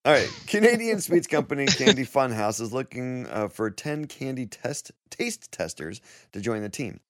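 A man's voice: medium pitch, big pitch swings, normal speed, fairly bright tone, no echo, clean studio sound. A man co-hosting a gaming podcast in loose, laughing casual banter. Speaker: podcast co-host.

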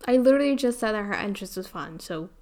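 A woman in a casual chat with her co-host. Her voice sits at an ordinary pitch, and she brushes off his points bluntly. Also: animated, quick pace, a little mellow. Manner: blunt, dismissive. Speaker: podcast co-host.

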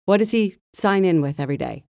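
A woman's voice: on the low side, animated, quick pace, vocal fry, a little mellow, no echo, clean studio sound. A woman co-hosting a casual podcast, talking in a chatty, gossipy way. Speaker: podcast co-host. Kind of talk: casual chat.

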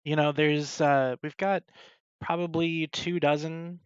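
A man's voice: on the high side, flat delivery, smooth, no echo, lo-fi sound. A man hosting a casual livestream talk show about an online game, swearing freely and cutting in on his co-hosts. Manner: casual, swearing, quick to cut in.

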